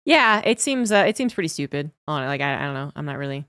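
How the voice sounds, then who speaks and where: A woman's voice: low-pitched, sing-song, fast talker, fairly bright tone, smooth, no room sound. A woman in a casual esports chat, making dry, wry remarks with some hesitation.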